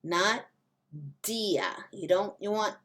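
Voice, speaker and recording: A woman teaching Spanish pronunciation, slowly modeling words for learners to repeat. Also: mid-range voice. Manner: slow, careful modeling of pronunciation. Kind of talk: language lesson.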